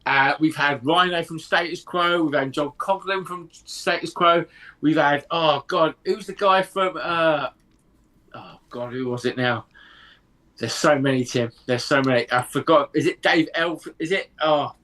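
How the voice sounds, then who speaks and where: A man's voice: fairly high pitch, measured pace, bright, forceful tone. A man co-hosting a live music show, chatting casually in a rambling, jokey way and losing his train of thought. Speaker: co-host. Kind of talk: casual chat.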